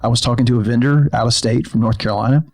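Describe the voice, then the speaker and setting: Male podcast co-host, middle pitch, rambling chatty storyteller. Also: fairly even intonation, very fast, a little mellow. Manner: rambling storyteller, many fillers and restarts. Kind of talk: casual chat. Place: filmed podcast studio.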